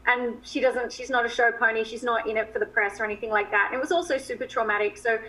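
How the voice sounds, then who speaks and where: Bright-voiced chatty actress guest. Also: female voice, a little high, steady tone, poor audio. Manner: chatty, quick to laugh. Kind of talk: TV interview chat.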